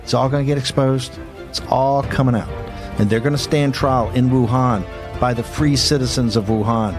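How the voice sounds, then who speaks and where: Combative fast-talking male host. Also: medium pitch, fairly even intonation, music in the background. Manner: combative, rapid-fire, emphatic. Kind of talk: fiery political talk show.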